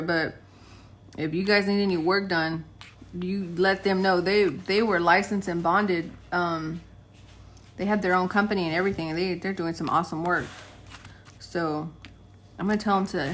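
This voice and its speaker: A young woman vlogger rambles casually to her audience from indoors at home, her voice lowish and fairly bright. She's chatty, laughs often and talks to her dogs mid-sentence.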